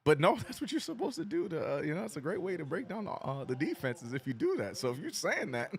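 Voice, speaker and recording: A man streaming a live basketball watch-along, calling plays and reading chat with animated, joking frustration. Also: fairly high pitch, quick pace, gravelly, hardly any pauses. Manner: animated, joking, reads chat messages aloud; frustrated fan venting and cursing.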